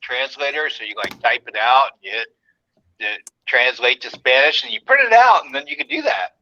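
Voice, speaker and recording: A man joking lively and teasingly during a casual video chat. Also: mid-range voice, moderate pace, vocal fry, lo-fi sound, a little hiss or hum. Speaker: panelist on a live video show.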